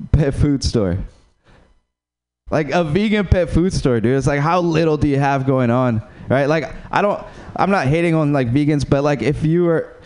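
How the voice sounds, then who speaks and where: A young man from Uruguay doing a stand-up set at an open mic, rambling and halting, full of fillers and self-mocking laughs. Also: mid-range voice, a little mellow, clean tone. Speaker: stand-up comedian.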